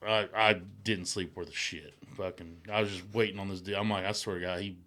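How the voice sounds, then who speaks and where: A man's voice: sits low, steady tone, brisk, sharp tone. A middle-aged man and podcast co-host, a former truck driver, telling a story in casual chat. He swears constantly and laughs as he goes.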